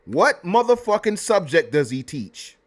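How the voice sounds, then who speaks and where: A man hosting a livestream, ranting in a heated, profane, animated way with loud bursts. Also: high-pitched, unhurried. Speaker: livestream host.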